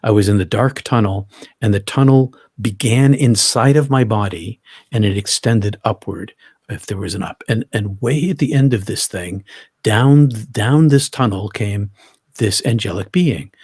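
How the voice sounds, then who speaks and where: A man's voice: fairly low pitch, a little slow, a little mellow, slightly rough, no echo, clean studio sound. A middle-aged man, a guest in an interview, earnestly retelling a personal experience in vivid detail, often restarting his sentences.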